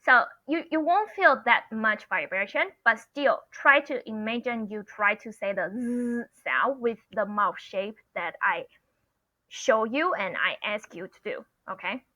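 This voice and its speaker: A woman's voice: on the high side, animated, measured pace, pushed and bright, no echo. A woman teaching pronunciation online, explaining patiently and repeating sounds for learners to copy, saying "okay" often. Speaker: Mandarin teacher. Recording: dull lo-fi sound.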